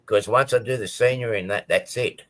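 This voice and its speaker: A man's voice: lowish voice, fairly quick. A man chatting casually on a live stream about his model railway, rambling with many ums and restarts.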